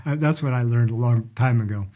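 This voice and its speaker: A man's voice: medium pitch, a little fast, dark tone. A middle-aged man explaining travel phrases in a casual instructional talk, demonstrating them with stretched vowels. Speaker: language and culture teacher.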